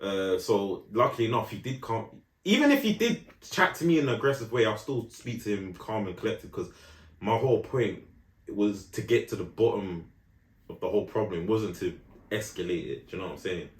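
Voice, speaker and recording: Young man, animated storyteller. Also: fairly low pitch, a little fast, roomy sound. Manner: animated storytelling, London slang, many "do you know what I'm saying" asides. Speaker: podcast co-host. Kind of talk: casual chat.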